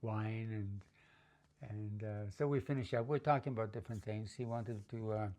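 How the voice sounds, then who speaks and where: A middle-aged man casually telling a story from his own life, rambling with fillers and restarts, and sometimes lifting his voice higher and louder to act out the people in it. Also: moderate pace. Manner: acts out quoted voices, often higher and louder.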